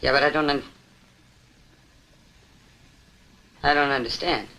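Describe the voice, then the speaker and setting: A woman's voice: deep voice, fairly even intonation, quick pace, sharp tone, rough recording. A slangy, cooing woman. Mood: probing. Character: slangy, coaxing woman, Nora's friend. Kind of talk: 1960s film acting. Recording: hissy old film soundtrack.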